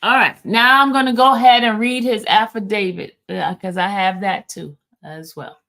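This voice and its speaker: A woman's voice: mid-range voice, steady tone, moderate pace, fairly bright tone. Casual woman hosting a live recap. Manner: stumbles over legal wording while reading aloud; casual, talks straight to viewers in chat. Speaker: livestream host. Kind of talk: livestream recap, reading court filings and answering chat.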